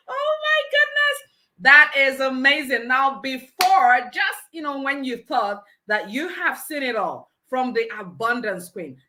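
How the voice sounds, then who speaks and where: A woman's voice: high-pitched, sharp tone. A woman hosting a live conference, exuberant and exclaiming, laughing often. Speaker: conference host. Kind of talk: energetic live event hosting.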